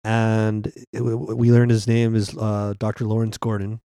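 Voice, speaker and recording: A man's voice: lowish voice, level tone, moderate pace, warm tone, clean tone, no echo, clean studio sound. A man co-hosting a podcast, chatting casually and rambling with many filler words. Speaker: podcast co-host. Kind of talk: casual chat.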